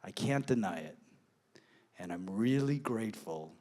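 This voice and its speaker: A man's voice: on the low side, a little slow. A man telling a personal story on stage, acting out quoted dialogue and laughing as he goes. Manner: animated, acts out quoted dialogue, laughs often.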